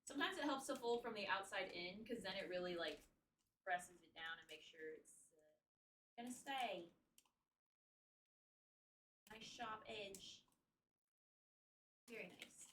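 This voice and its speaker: A woman's voice: mid-range voice, lively intonation, measured pace, long pauses, a bit bright, recorded from a distance, a little hiss or hum. A woman streaming as she wraps gifts, chatting casually, cursing now and then and slipping into a playful put-on accent. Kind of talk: casual live-stream chat while wrapping gifts. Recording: roomy echo, speaking away from the mic.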